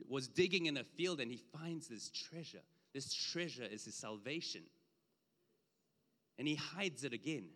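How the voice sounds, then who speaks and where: A man preaching a conversational sermon with slides, emphatic at times and dropping low for asides. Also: sharp tone. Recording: long hall reverb.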